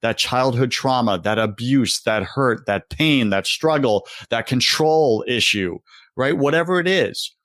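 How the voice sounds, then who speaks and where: A man coaching as a guest, with a mid-pitched voice and a passionate, preacher-like delivery. His voice is dry and close, with no room around it. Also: measured pace, fairly bright tone, dry recording. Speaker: executive confidence coach, guest. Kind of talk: casual interview chat.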